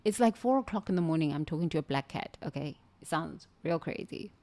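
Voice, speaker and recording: A woman from southern Africa, telling a spiritual story in an animated, exclamatory way with many restarts. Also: low voice, fairly quick. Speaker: spiritual speaker.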